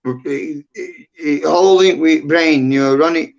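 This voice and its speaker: Man, middle-aged, gravelly rough voice, rambling and blunt, muffled lo-fi stream audio. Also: on the high side, slow. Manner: rambling, blunt, heavy swearing. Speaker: livestream guest. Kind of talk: casual chat.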